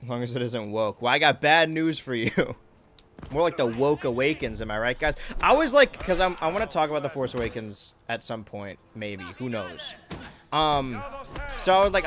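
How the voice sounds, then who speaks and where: A man's voice: medium pitch, fairly bright tone, slight background noise. A man playing a video game and talking over it with rambling, sarcastic jokes and asides. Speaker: gaming channel host. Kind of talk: let's play commentary.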